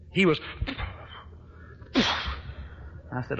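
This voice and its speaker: A man preaching a sermon, telling a folksy story in an animated way as an old-fashioned gospel pastor. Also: a little high, slow, pauses often, husky. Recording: echoey hall, dull lo-fi sound.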